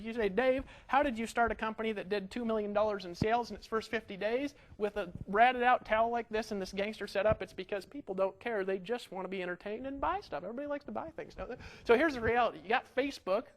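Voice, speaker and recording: A man giving an energetic marketing webinar from a home setup, talking in a pushy sales patter full of rhetorical questions. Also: high voice, poor audio.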